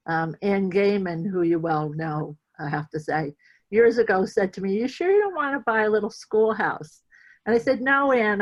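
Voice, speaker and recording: A woman joins as a guest over a video call and speaks haltingly, with frequent fillers. Her voice is somewhat low, and the call audio sounds dull and muffled. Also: darkish tone. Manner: halting, with many ums and uhs. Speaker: guest, fundraiser.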